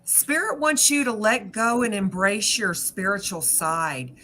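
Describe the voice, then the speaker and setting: A woman with a bright, clear tone speaks earnestly on a casual live chat, reassuring her listeners. She slows down on the points she wants to land, and faint noise sits under the recording. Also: medium pitch. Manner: earnest, reassuring, slow when stressing points. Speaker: reader on a spiritual live chat.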